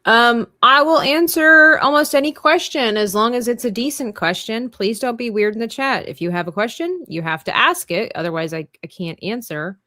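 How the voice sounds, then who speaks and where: A woman's voice: a little high, expressive, normal speed, hardly any pauses, bright, forceful tone, dry recording, clean studio sound. Chatty woman drawing on a livestream. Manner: chatty, playful, thinks aloud while working. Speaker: live-stream host drawing on stream. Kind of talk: casual chat while drawing.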